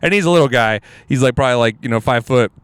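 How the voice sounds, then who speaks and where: A man spinning a loose, animated story as a podcast guest, full of "like" and "um" and false starts. His voice is smooth and resonant at a middle pitch. It is recorded close and dry, with no room sound. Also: rapid-fire, dry recording. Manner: rambling, animated storyteller with many fillers and restarts. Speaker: comedian guest.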